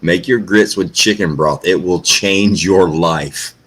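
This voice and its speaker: A man's voice: sits low, slow pace, fairly bright tone, husky. A man hosting a casual livestream chat, telling food stories with casual swearing and emphasis. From American South. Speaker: livestream host.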